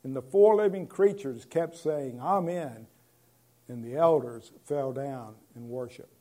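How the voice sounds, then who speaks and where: A man, a pastor, preaching a conversational sermon and moving between loud proclamation and quiet asides. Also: medium pitch, a little slow.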